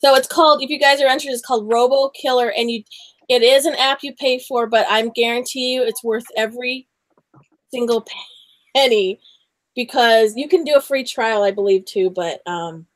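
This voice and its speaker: A woman hosting a casual group video chat, chatty and quick to agree. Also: on the high side, dry recording. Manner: chatty, frequent agreeing "yep". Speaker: crafting channel host.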